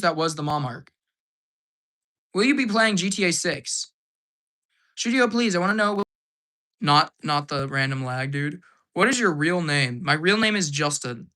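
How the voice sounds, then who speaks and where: On a casual live stream, a hyper man with a high, bright, slightly hoarse voice chats away. He fires off quick answers to viewer questions and laughs often.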